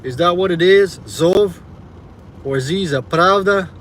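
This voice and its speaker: A rideshare driver livestreams from inside his car, his voice sitting high and his pace slow. He rants in a profane, irritated way and chats casually with viewers. Music plays in the background, along with slight background noise.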